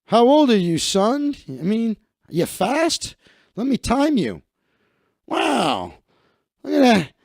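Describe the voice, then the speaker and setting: A man voicing a loud, crude American football coach who barks crude questions. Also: very high voice, huge pitch swings, slow, vocal fry, pauses often, no echo, clean studio sound, voice pushed up, full character voice. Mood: barking. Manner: barking, crude, sizing people up.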